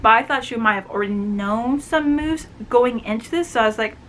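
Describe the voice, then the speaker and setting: A young adult woman retelling a book's plot in a chatty, animated way, full of fillers. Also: fairly high pitch, fairly quick, a little hiss or hum. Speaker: book reviewer. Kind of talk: casual book review chat.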